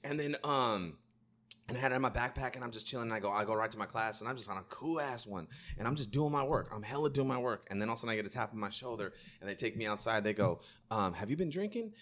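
Bright-voiced man telling wild stories. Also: medium pitch, quick pace. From Sacramento, California. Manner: animated, slangy, laughs through his stories. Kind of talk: casual storytelling chat.

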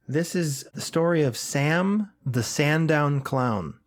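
A man's voice: fairly high pitch, animated, takes it slowly. A man co-hosting a podcast, telling a story with sarcastic asides and comic swearing. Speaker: podcast co-host. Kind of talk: casual storytelling chat.

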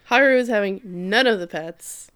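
A woman's voice: medium pitch, fairly bright tone, clean tone. A woman co-hosting a casual podcast, recapping an episode and swearing freely. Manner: swears freely, acts out characters in quick quoted voices. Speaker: podcast co-host recapping an anime. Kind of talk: casual chat.

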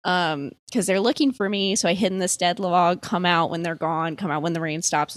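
Casting: young woman from the US East Coast, low-pitched, chatty storyteller, laughs and swears, dry close sound. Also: moderate pace, no echo. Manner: chatty, lots of "like", swears, laughs mid-sentence. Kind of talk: casual storytelling among friends.

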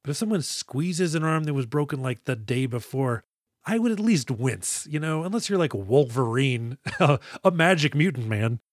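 A man co-hosting a podcast, recapping a movie in a casual, animated and jokey way with plenty of swearing. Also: mid-range voice, moderate pace, no room sound, clean studio sound. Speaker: podcast co-host. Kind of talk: casual movie review chat.

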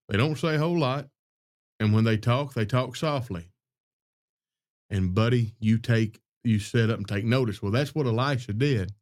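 A man hosting a podcast, talking through scripture in a folksy, conversational preaching style, loud by his own account. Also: mid-range voice. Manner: folksy, conversational, calls listeners "y'all" and "buddy". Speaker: podcast host.

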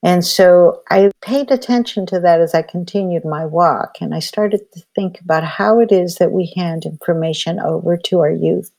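A woman's voice: on the low side, moderate pace, gravelly, few pauses, darkish tone. Older woman telling a story. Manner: reflective, conversational, with many "you know" fillers. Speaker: healer and elder. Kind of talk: personal storytelling.

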